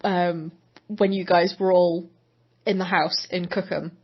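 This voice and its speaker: A woman interviewer asking casual questions in a friendly, somewhat hesitant way. Her voice is a little low and husky. The recording is dull and lo-fi. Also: fairly even intonation, measured pace. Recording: dull lo-fi sound.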